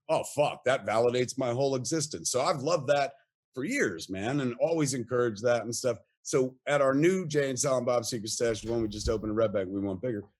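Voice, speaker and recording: A middle-aged man, a podcast guest telling rambling, profane anecdotes full of acted quotes. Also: mid-range voice. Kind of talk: animated storytelling.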